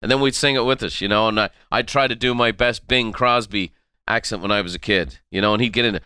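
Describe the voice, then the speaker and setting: A middle-aged man gives a motivational talk on his podcast, with a low, forceful and smooth voice. He presses on his main points and says them again and again. The sound is close and dry, with no room around it. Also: quick pace, no room sound. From Ireland. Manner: emphatic, repeats key phrases, coaching tone. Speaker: podcast host and motivational speaker. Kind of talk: motivational monologue.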